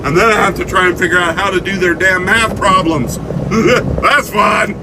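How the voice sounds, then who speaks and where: A man's voice: high voice, steady tone, normal speed, background noise. A man delivering a blunt, angry opinion rant with swearing and sarcasm, recorded inside a vehicle. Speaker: vlogger.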